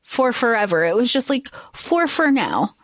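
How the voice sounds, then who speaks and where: Female co-host, high and very lively voice, giggly, dry close mic. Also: moderate pace, dry recording. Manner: expressive and giggly, swoops up high when quoting characters. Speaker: podcast co-host. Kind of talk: casual book discussion.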